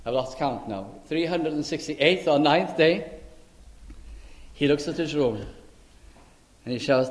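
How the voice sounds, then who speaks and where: Slow-speaking preacher man, fairly high voice. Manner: slow, deliberate storytelling with acted-out dialogue. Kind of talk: sermon.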